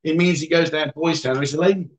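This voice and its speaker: A fast-talking man with a higher-pitched voice keeps his intonation fairly even. He's hosting a casual livestream from an indoor bar or venue, jokingly reading out viewer comments and teasing the guests.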